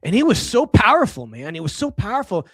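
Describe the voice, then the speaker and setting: A middle-aged man from Los Angeles tells his story as a podcast guest, with a somewhat high voice that keeps jumping up with emphasis. He often restarts his sentences. The sound is dry and close, with no room echo. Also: huge pitch swings, fairly quick, husky. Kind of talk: casual storytelling.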